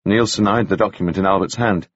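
A man narrating an audiobook with a very expressive delivery. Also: deep voice, quick pace, no room sound. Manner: very expressive, wide-ranging delivery. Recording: dry, slightly dull audio.

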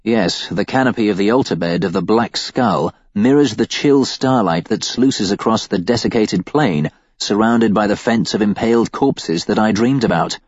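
A man with a lowish voice reads a first-person story with a wry, deadpan edge. The recording is dry and slightly dull, close to the mic. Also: normal speed, hardly any pauses, husky, no room sound. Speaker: audiobook narrator. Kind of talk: first-person audiobook narration.

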